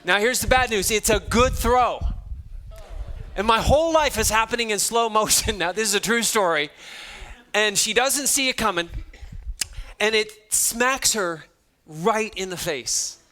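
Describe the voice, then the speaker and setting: A man giving a motivational talk to students, telling stories in an animated way and acting out the dialogue with self-deprecating humor. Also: high-pitched, unhurried, long pauses. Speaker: motivational speaker. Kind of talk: storytelling keynote talk to students.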